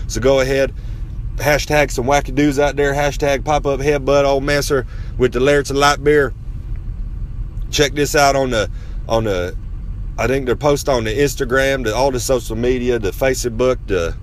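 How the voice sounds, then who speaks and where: A man's voice: mid-range voice, a little hiss or hum, close to an everyday voice. A man playing a brash, boastful pro wrestler persona in a rambling comedic monologue, cocky and talking down to his listeners. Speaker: recurring segment host.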